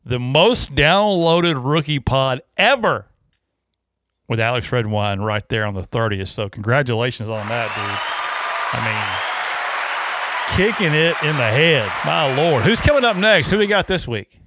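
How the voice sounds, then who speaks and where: A man's voice: mid-range voice, animated, measured pace, a crowd in the background. A man hosting a podcast in casual, rambling chat, laughing and restarting his sentences. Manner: rambling, laughing, self-interrupting. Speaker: podcast host.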